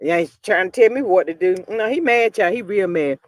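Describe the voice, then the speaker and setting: A woman hosting a casual gossip livestream, reading the chat and talking bluntly and sassily, with loud outbursts and low mutters. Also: expressive, brisk, dry recording. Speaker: livestream host.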